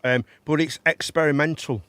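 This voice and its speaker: A man's voice: a little high, steady tone, moderate pace, a bit bright, clean tone, no room sound. A man hosting a casual live-stream chat show. He rambles, repeats his words and banters with his guests.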